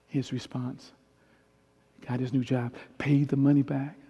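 A middle-aged man preaching a storytelling sermon as a pastor, swinging from hushed tones to loud peaks. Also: mid-range voice, level tone, unhurried, gravelly, husky, highs cut off. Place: large church hall. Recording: long hall reverb with faint piano. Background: soft piano.

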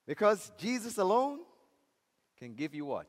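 Preacher, man, high voice, fervent sermon delivery, recorded in a reverberant hall. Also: big pitch swings, normal speed. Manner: impassioned preaching, swinging from loud highs to near-whispers.

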